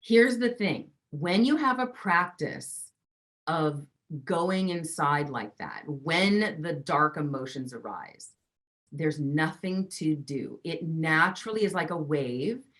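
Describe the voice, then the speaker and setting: A woman's voice: low voice, lively intonation, slow, a bit bright. A woman coach being interviewed, talking emphatically and acting out the voices in people's heads. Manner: emphatic, acts out inner voices. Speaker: relationship coach guest. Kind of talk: teaching interview talk.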